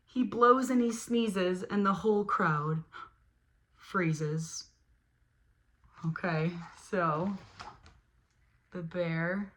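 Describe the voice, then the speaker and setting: A woman reading a children's picture book aloud as host, animated, with playful sound effects and asides to her listeners. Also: lowish voice. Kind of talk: storybook read-aloud for children.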